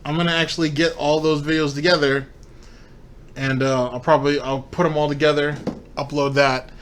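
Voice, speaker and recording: A man's voice: fairly high pitch, level tone, brisk, fairly bright tone, a little hiss or hum. A man hosting a commentary show, ranting in a profane, mocking way. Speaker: commentary host.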